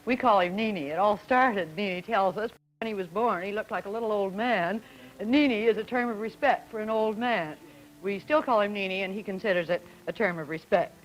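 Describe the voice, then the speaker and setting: A woman moderating a 1950s broadcast student panel, asking poised, brisk questions and introducing guests. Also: medium pitch, low-quality recording.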